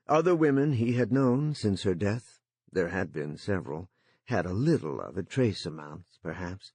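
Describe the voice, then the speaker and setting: A man reading a novel aloud in a measured, expressive narration. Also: low-pitched, breathy edge, no room sound. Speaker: audiobook narrator. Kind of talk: scripted narration.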